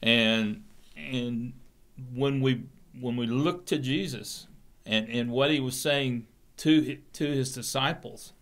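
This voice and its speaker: A man teaching a Bible class, reading verses aloud and explaining them in a halting way, often repeating words as he starts a phrase. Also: mid-range voice, fairly bright tone.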